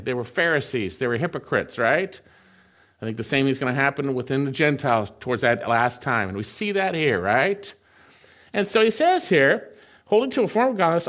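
A man preaching a sermon, reading scripture slowly and then explaining it in a conversational way. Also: a little high. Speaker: pastor.

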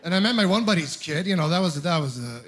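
A man from Ontario works a stand-up set, his voice sitting high for a man. He tells his stories deadpan and breaks into quick voiced asides, sounding like he's in his thirties. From Ontario, Canada. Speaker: stand-up comedian. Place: comedy club stage with a live audience laughing.

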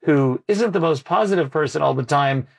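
A man's voice: a little high, moderate pace, vocal fry, husky. Earnest man telling his story. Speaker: guest. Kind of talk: personal story in interview.

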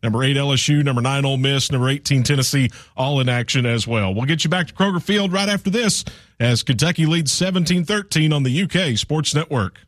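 Male studio anchor, brisk radio scoreboard read, dry booth sound. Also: medium pitch, fairly bright tone, no room sound. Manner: brisk, with small fillers. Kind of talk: live scoreboard update on radio.

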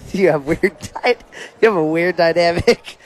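Playful higher-voiced man on radio. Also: normal speed, a little hiss or hum, poor audio. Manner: playful, stumbling, laughs often. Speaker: radio co-host. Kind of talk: casual on-air banter.

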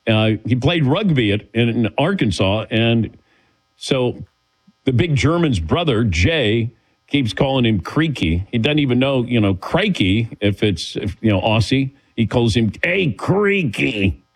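A man's voice: medium pitch, expressive, a little slow, rough recording. A man hosting a sports talk show, chatting casually and laughing often as he calls on his co-hosts. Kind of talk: casual radio show banter.

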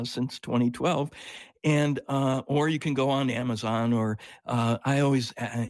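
A man, a priest and spiritual director, calmly explaining faith on a radio show with frequent fillers. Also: medium pitch, no echo. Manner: calm, explanatory, with hesitant fillers. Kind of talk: radio interview.

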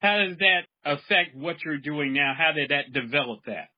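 A man hosting an interview, asking friendly, curious questions with some halting restarts. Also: fairly high pitch, expressive. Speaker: interview host. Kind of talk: casual interview. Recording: dull lo-fi sound.

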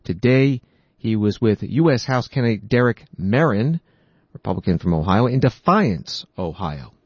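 A man anchoring the news, reading scripted narration in a measured, even way. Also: fairly low pitch, breathy edge, no room sound, muffled recording.

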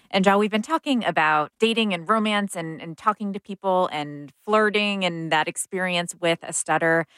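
A woman with a low, deep voice asks calm, measured questions as an interview host. The recording is dry and close, with no room sound. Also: no room sound. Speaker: radio host. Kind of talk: interview hosting.

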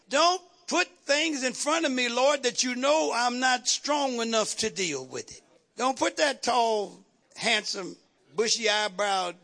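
A woman preaching a sermon with emphatic call-and-response that builds into shouts, with playful asides and punchy repetition. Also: on the high side, creaky.

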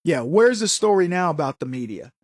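Combative high-voiced male commentator. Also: big pitch swings, brisk, breathy edge, no room sound, clean studio sound. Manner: combative, sarcastic, mocks opponents in put-on voices. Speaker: political commentary show host. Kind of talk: opinion monologue to camera.

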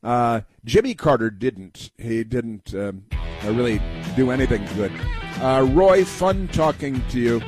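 A man's voice: medium pitch, expressive, unhurried, music in the background. A man hosting a call-in radio talk show, talking to a caller in a rambling, chatty way with many fillers and restarts.

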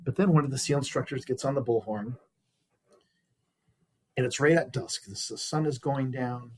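A man's voice: medium pitch, normal speed, a little mellow, low-quality recording. A man in an interview, telling a personal story in an earnest, reflective way with frequent small restarts. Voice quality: very husky. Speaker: interview guest.

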